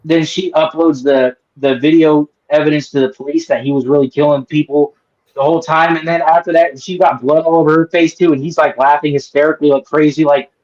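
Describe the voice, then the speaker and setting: A man's voice: a little high, steady tone, a little fast, a little mellow. A man hosting a casual movie review chat, rambling and swearing with lots of fillers and restarts. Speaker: host. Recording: dull lo-fi sound.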